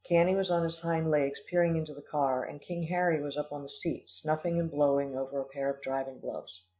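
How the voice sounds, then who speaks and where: A man narrating an audiobook in a measured, expressive storytelling manner. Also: a little high. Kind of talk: audiobook reading. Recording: dull lo-fi recording.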